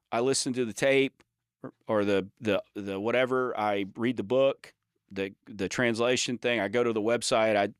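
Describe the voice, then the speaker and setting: A man's voice: fairly low pitch, no echo, clean studio sound. A man co-hosting a podcast about the trades, explaining his points emphatically with examples and frequent restarts in casual chat. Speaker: podcast co-host.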